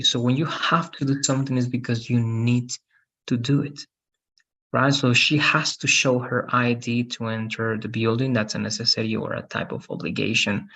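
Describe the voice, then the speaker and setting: A man records an English grammar lesson for students who will watch later. His voice sits in an ordinary middle pitch. He explains carefully, restarts phrases and keeps checking understanding with quick tag questions. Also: fairly bright tone, husky. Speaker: English teacher.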